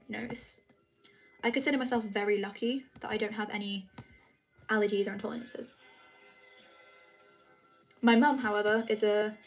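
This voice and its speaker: Chatty British woman with a higher voice. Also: rough recording. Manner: chatty and apologetic, reads comments aloud. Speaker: livestreamer answering viewer comments. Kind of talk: casual live chat. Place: home, at night.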